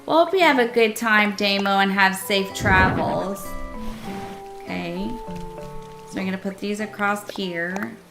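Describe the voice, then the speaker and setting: A woman streaming herself playing a cozy game, chatting casually with viewers and gushing with excitement over what she builds. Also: medium pitch, unhurried, vocal fry, music in the background. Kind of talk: casual live-stream chat while playing.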